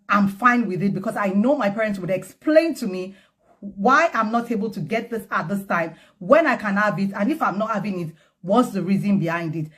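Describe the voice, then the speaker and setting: A woman in her forties, a child psychologist, giving casual parenting advice in a chatty way, laughing often and repeating points for emphasis. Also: medium pitch.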